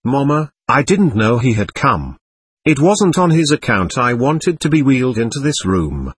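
A man's voice: medium pitch, big pitch swings, moderate pace, husky, dry recording. A man doing a teasing invalid girl.

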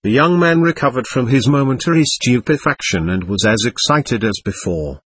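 Husky man narrating a classic novel. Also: medium pitch, animated, normal speed, fairly bright tone. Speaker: audiobook narrator.

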